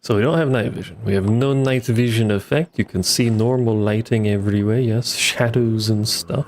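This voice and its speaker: Laid-back low-voiced man narrating gameplay. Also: moderate pace, darkish tone. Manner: laid-back, rambling, wry asides to himself. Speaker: streamer playing a modded block-building game. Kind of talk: casual gameplay commentary.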